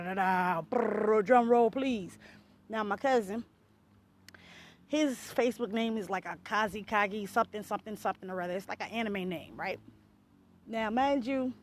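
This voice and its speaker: A woman's voice: medium pitch, a little hiss or hum. A woman vlogging straight to her viewers in casual talk, blunt and chatty, swearing freely and calling them y'all and you guys. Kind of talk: casual direct-to-camera talk.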